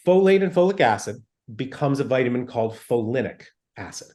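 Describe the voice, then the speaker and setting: A man's voice: medium pitch, expressive, a little fast, a little mellow. Emphatic male doctor explaining. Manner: emphatic, explains with plain examples and "okay" check-ins. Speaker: physician guest. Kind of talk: explanatory interview talk.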